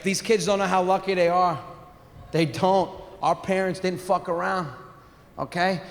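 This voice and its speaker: A middle-aged man doing a stand-up comedy set, telling stories in a loud, animated way on a theater stage. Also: high-pitched. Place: theater stage with live audience. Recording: live hall reverb, faint room noise.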